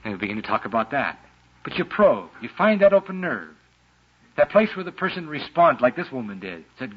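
A man preaching a sermon with a lively, dramatic delivery, sometimes acting out the voices of the people he quotes, on a muffled lo-fi recording. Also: medium pitch, brisk, slight background noise.

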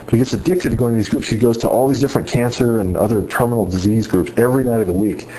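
A man's voice: mid-range voice, fast talker, warm tone, a little hiss or hum, rough recording. A man giving an earnest sermon-style talk to students, retelling a story with many restarts. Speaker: speaker addressing students on faith.

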